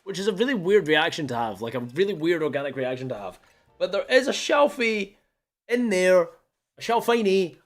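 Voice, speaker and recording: Young male streamer, casual and theatrical, swings his pitch all over while chatting to viewers. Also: normal speed, soft background music. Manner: animated, mock-mopey, chatting with viewers. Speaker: game streamer. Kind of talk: casual live-stream chat.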